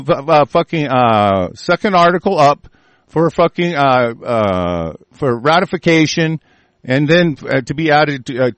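A man's voice: fairly high pitch, fairly bright tone, dry recording. A man delivering an angry, profanity-laden monologue, swearing constantly and often breaking off and restarting mid-sentence.

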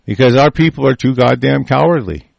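Gravelly man in an angry rant. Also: medium pitch, expressive, a little fast, no echo. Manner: furious, swearing, shouting outbursts, repeats and restarts. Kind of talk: angry profane monologue.

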